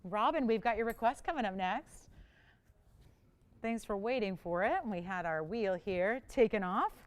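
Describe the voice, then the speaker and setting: A woman's voice: mid-range voice, animated, unhurried, clear, resonant tone. A woman hosting a live shopping channel, selling jewelry in a chatty, enthusiastic way and talking with callers and crew. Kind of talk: live jewelry sales pitch. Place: TV studio.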